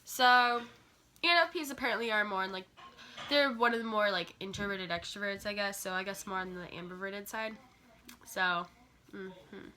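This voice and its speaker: Female vlogger, scattered self-deprecating monologue, bright voice. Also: fairly high pitch. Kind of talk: rambling casual monologue.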